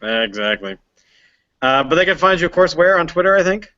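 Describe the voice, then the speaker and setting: A man's voice: fairly high pitch, very animated, a little fast, bright, forceful tone, highs cut off. A man hosting a casual beer podcast, rambling along with lots of ums and uhs. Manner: rambling with many fillers. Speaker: podcast host. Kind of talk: casual chat.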